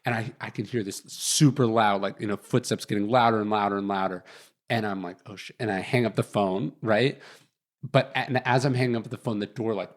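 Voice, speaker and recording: A man's voice: on the low side, steady tone, brisk. A man in his thirties, a guest author telling a story in a casual interview, rambling with lots of fillers. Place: guest's chosen location.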